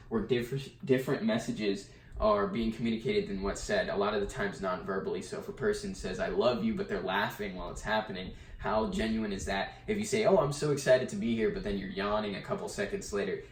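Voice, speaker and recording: A man giving a casual summary lecture of a textbook chapter, with fillers and restarts. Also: lowish voice. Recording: echoey room, mic at a distance.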